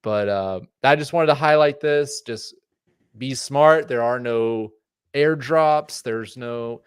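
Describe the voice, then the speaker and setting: A man's voice: mid-range voice, takes it slowly, clear, resonant tone, dry recording, studio quality. A man co-hosting a podcast, giving passionate, rambling warnings with lots of fillers. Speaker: podcast co-host. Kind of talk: casual podcast chat.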